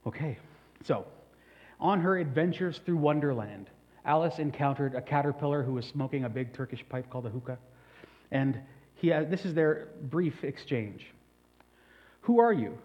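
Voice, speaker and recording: A man's voice: a little high, moderate pace. Man preaching a conversational sermon. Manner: conversational, rhetorical questions. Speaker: pastor. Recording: dull lo-fi recording.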